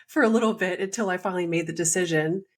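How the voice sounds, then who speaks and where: A woman's voice: on the low side, fast. A woman hosting a podcast interview, chatting in a friendly, conversational way. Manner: friendly, conversational, laughs easily. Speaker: podcast host.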